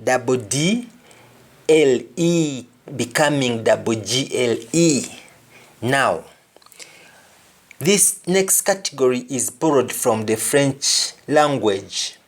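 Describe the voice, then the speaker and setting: A man teaching a pronunciation lesson, speaking deliberately and repeating each word to demonstrate how it sounds. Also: mid-range voice, lively intonation. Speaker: language teacher.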